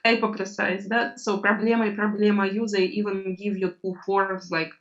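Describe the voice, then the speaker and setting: A tutor whose first language is Russian teaches an online language lesson, her mid-range voice showing little pitch movement. Patient, she explains things slowly and sprinkles in Russian words. The sound is distant and dull, typical of a video call.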